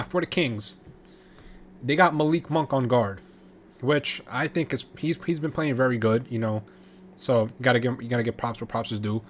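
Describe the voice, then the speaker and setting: A man vlogging his reaction to sports trades, talking casually with excitable, profane rants and frequent restarts. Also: on the high side.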